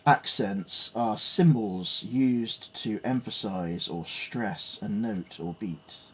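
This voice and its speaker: A man's voice: fairly low pitch, slow, slight background noise. A man thinking aloud as he works through piano theory, reading notes and musing hesitantly with fillers. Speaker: piano learner. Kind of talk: thinking aloud while studying music theory.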